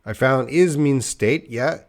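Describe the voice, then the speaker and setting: A man's voice: medium pitch, takes it slowly. A man teaching a live online English lesson, patiently explaining grammar and answering viewer questions.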